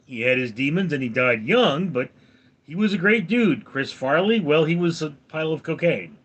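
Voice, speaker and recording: Reading out chat comments on his casual livestream, this Californian host in his forties replies with dry humor. His voice is fairly high, animated and a bit bright at normal speed, though the recording sounds muffled.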